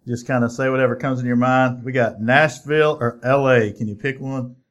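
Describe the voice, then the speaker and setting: A man hosting a casual interview, relaxed and slangy, laughing along with his guest. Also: mid-range voice, fairly quick. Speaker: podcast host.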